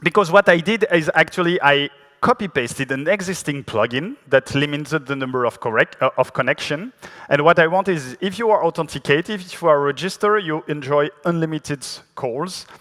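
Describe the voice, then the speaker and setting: A man's voice: fairly high pitch, moderate pace, sharp tone. A man with a French accent giving a technical conference talk in a chatty, self-deprecating way, full of fillers and restarts. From France. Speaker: conference speaker. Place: large conference hall. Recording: long hall reverb.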